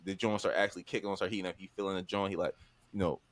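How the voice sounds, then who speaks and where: Man, young adult, podcast co-host, fast, lively pitch, low voice. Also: dry recording. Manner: animated, acts out voices, lots of "like" fillers, swears. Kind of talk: casual storytelling chat. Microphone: podcast microphone.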